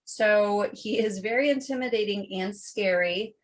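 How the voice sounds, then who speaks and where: A woman co-hosting a podcast, chatting casually and telling a story in an animated, profane way. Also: mid-range voice, measured pace, low-quality recording. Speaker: podcast co-host. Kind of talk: casual chat.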